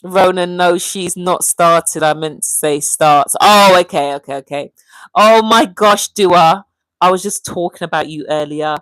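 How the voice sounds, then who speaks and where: A woman hosting a casual livestream, chatting and reading viewer comments aloud in a lively, animated way. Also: fairly low pitch, a little slow, dry recording, poor audio. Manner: chatty and animated, often calling out viewers' names. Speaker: livestream host.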